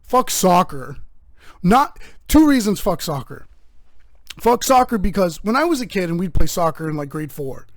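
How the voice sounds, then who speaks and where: A man with a fairly high voice hosts his own show and rambles through a profane comic monologue. His rants get animated, and the sound is dry and close to the mic. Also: normal speed, no echo. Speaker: host. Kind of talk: casual comedic monologue.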